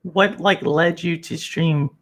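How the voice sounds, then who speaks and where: An upbeat man from Texas hosts a livestream chat with a bright, sharp tone. He jokes easily and talks to the viewers in his chat between questions. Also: fairly high pitch, slow. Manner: upbeat, joking, shouts out the chat. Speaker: podcast host.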